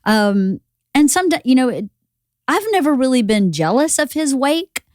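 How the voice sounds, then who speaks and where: A woman's voice: high-pitched, sing-song, a little slow, darkish tone, no room sound, clean studio sound. A woman guest on a podcast, talking earnestly and reflectively in casual conversation. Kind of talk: casual chat.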